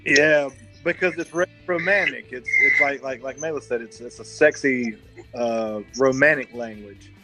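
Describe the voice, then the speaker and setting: A man's voice: medium pitch, moderate pace, over loud music. A man with a Southern US accent co-hosting a casual podcast, hesitant and full of fillers. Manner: hesitant, many fillers and restarts. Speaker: podcast co-host. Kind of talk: casual chat.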